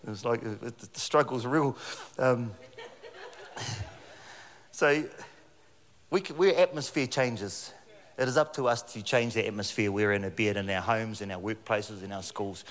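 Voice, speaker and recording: A middle-aged man preaching a sermon in a church hall on a handheld mic, joking and telling animated stories. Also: fairly low pitch, a little slow, long pauses. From New Zealand. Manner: jokey, animated storytelling with frequent laughs.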